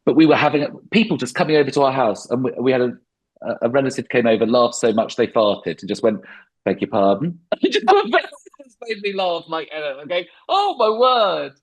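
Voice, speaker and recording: Animated, husky middle-aged man rambling. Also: medium pitch, brisk, rough recording. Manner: rambling, self-deprecating, animated. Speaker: comedian guest. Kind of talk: podcast interview.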